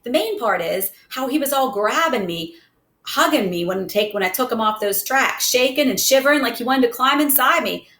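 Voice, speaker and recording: A tough street kid with a swaggering, slangy way of talking, bragging and teasing in a bright, high voice, as a woman puts him on. The reading rings in a roomy space. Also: lively intonation, normal speed. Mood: brash. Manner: slangy, boastful. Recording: roomy echo.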